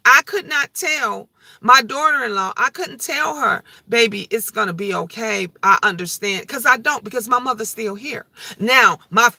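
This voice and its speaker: A middle-aged woman speaks to her viewers in a casual livestream, emotional and heartfelt, often circling back over the same words. Her voice is very bright and forward. The sound is dry and close, with no room around it. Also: a little high, dry recording. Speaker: vlogger.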